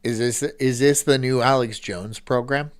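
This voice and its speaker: A man's voice: medium pitch, fairly even intonation, measured pace. A man hosting a stream, reacting casually with rambling, swearing asides. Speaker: streamer host.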